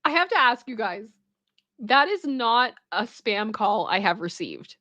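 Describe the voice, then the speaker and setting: A woman gives chatty, expressive reaction commentary and laughs easily. Her voice sits a bit high and sounds bright and sharp. The recording is dry, with a slightly dull, lo-fi tone. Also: a little slow, no room sound. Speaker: pop culture reaction host.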